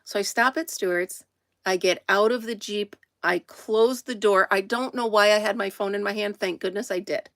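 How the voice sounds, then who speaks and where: With studio-quality audio and no room sound, a livestream host greets her viewers by name from inside her camper, laughing frequently as she chats. Her medium-pitched voice has a fairly bright tone and moves at a moderate pace.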